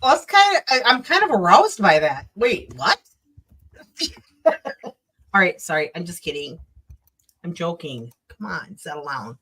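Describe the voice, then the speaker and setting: A woman's voice: on the low side, very animated, a little slow, pauses often, pushed and bright. A woman with a Minnesota accent hosting a casual late-night livestream chat from home, joking, laughing and swearing freely. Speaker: livestream host.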